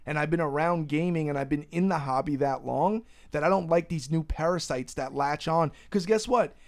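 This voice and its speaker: Animated, ranting young man, fairly high voice. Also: normal speed. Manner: ranting, animated, swears freely. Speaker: podcast host. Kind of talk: casual podcast chat.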